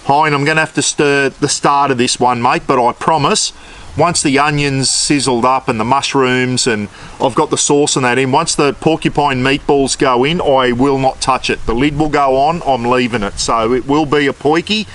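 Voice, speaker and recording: A man's voice: mid-range voice, steady tone, moderate pace, fairly bright tone. An Australian man chatting casually while cooking outdoors in his backyard, laid-back and with mild swearing. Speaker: cooking vlogger.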